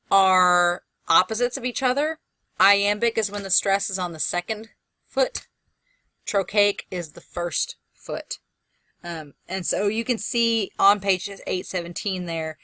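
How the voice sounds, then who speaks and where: A woman's voice: mid-range voice, takes it slowly, bright, forceful tone, dry recording. A woman college instructor talking through a recorded lecture in a conversational way, thinking aloud and stretching out example words.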